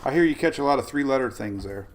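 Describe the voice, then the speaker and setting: This weather livestream host talks fast in a mid-range, expressive voice. He keeps things casual, working through viewer comments, wandering off topic and laughing often.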